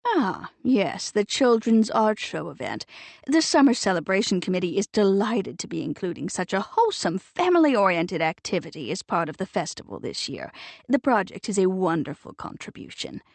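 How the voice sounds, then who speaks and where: A woman's voice: medium pitch, sing-song, moderate pace, creaky, dry recording. A woman doing a haughty older committee busybody. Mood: pompous. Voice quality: haughty, emphatic and airy.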